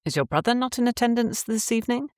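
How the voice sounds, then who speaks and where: A woman voicing a courteous, roguish gentleman landowner in an audiobook, with polished speech. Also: a little high, expressive, fast, dry recording, studio quality, voice pushed up, close to an everyday voice.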